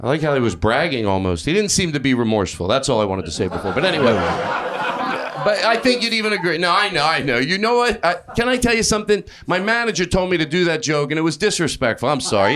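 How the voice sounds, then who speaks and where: A high-pitched, wildly animated man working a comedy club crowd. He yells his bits, then drops into mumbled asides over constant audience laughter. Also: fast talker. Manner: loud, excitable, swings between yelling and mumbling asides. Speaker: stand-up comedian. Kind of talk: improvised stand-up set.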